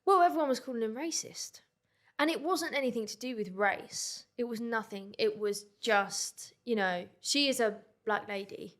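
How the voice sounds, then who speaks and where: A talkative woman, her voice sitting a little high. She speaks casually as a podcast guest, loose and giggly, and often lets her sentences trail away unfinished. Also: moderate pace, fairly bright tone. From England. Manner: chatty, laughs easily, trails off mid-sentence. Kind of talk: casual chat.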